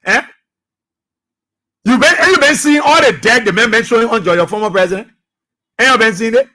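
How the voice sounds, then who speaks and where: Liberian guy on talk radio, preachy and fired up, real high bright voice. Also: fairly quick. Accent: Liberian English. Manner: impassioned, preachy, repeats phrases, shouts at times. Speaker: radio talk show host. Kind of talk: fiery political radio commentary.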